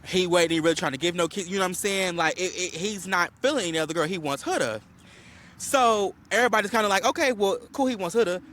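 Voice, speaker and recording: A high-voiced, fast-talking man co-hosts a podcast, casually recapping a reality show. He tells it animatedly, acting out quotes with lots of fillers and a slight cough.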